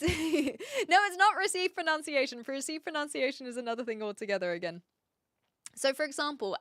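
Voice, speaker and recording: A woman with a New Zealand accent talks casually with her stream chat, stopping now and then to search for words. Her voice sits a little high and sounds bright and crisp. The sound is dry and close, with no room echo. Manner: chatty, thinks aloud and hunts for words. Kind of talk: casual live-stream chat, answering viewers.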